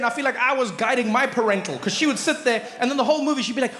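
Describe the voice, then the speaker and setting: A man doing stand-up comedy on stage, an animated storyteller who acts out voices. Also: extremely high pitch, rapid-fire, hardly any pauses. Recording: live hall reverb, faint noise.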